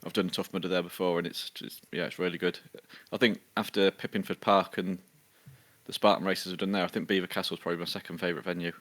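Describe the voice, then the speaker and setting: A man from the UK co-hosting a podcast, reading a news roundup in a steady, matter-of-fact way with many ums. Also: low-pitched, fast. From United Kingdom. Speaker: podcast co-host.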